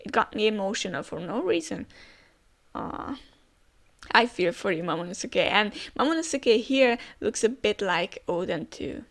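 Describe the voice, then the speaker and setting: Gravelly woman reacting to a comic. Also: mid-range voice, animated, normal speed. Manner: chatty, emotional, laughs often. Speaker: manga reader reacting. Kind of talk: casual reaction reading.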